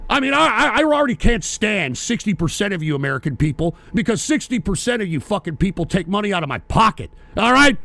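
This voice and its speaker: A man with a high, gravelly voice rants into a close mic on his own stream, swearing constantly and snapping at donors between points. His voice jumps into shouts and then drops low and muttering. The sound is dry, with no room around it. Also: big pitch swings, quick pace, few pauses, no echo. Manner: profane, ranting, frequently shouting. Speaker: livestream host. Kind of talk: angry political rant, reading donations.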